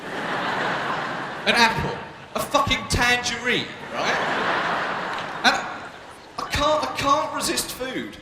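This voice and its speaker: Here a young adult comedian from Britain speaks very high-pitched, with big pitch swings, slowly and with long pauses. Bantering cheekily and provocatively with a live arena audience in British English, he's recorded in an echoey hall full of long reverb and crowd noise.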